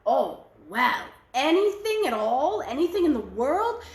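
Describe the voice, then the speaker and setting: A woman voicing two jealous sisters, one with one eye and one with three, in a high, shrill, frantic voice. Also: lively intonation, unhurried, a bit bright, reverberant. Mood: eager.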